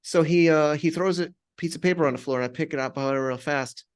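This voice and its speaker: A man, a podcast guest, telling a personal story conversationally with many restarts and animated retellings. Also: fairly high pitch, fast talker, clean tone.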